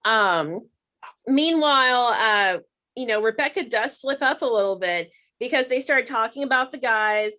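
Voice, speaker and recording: Bright, chatty woman podcast host. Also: fairly high pitch, expressive, a little slow. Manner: chatty, speculative, full of fillers and restarts. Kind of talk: casual TV recap chat.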